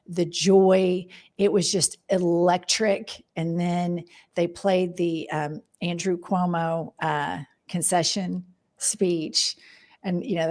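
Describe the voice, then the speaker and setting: A woman with a Southern US accent, a podcast host speaking as a panel guest, telling an animated, profane story. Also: lowish voice. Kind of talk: casual panel chat.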